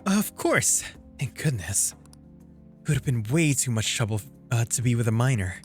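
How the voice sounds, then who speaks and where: A man's voice: mid-range voice, sing-song, moderate pace, faint music behind, close to an everyday voice. A man voicing a jaded, hard-drinking woman reporter who talks in a dry, world-weary, teasing way.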